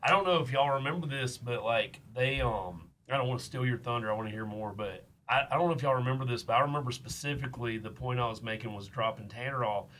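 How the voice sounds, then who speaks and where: A man's voice: medium pitch, fast talker, few pauses, fairly bright tone, a little hiss or hum. A man, hosting a casual podcast chat and telling a story with lots of fillers and restarts. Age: 30s. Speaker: podcast host.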